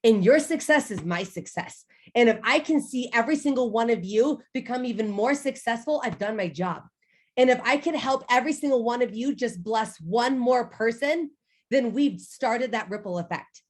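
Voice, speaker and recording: A woman's voice: on the high side, animated, moderate pace. A woman in her thirties from the United States, giving a motivational talk to a sales team and speaking to the audience directly. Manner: emphatic, personal storytelling, addresses the audience directly.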